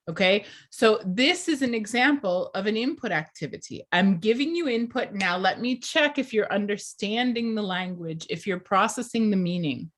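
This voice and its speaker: Woman, class lecture, teacher trainer, clear deliberate delivery, questions to the class, mid-pitched. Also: lively intonation.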